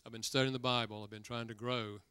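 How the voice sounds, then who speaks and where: Older male preacher, folksy storyteller, clear crisp voice, dry close recording. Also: mid-range voice, fairly even intonation, fast talker, pushed and bright, no echo. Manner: folksy storyteller, acts out dialogue with rising emphasis. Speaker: guest preacher. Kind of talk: sermon with storytelling.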